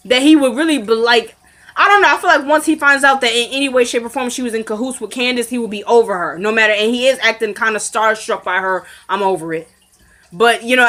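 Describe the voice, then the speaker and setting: Bright-voiced woman recapping a show. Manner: animated, quotes characters in lowered voices, laughs often. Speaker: TV episode recapper. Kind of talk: casual recap monologue.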